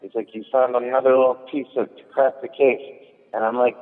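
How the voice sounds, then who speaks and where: This guest comedian has a mid-range voice, a level tone and a slightly fast delivery. Chatting casually, he tells a rambling story with lots of fillers and restarts, recorded with thin, phone-like sound and long echo.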